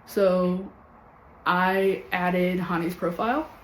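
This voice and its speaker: A woman in her thirties telling her own story to camera in an earnest, candid way, with many pauses. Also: fairly low pitch, steady tone. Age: 30s. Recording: roomy echo with faint background hum.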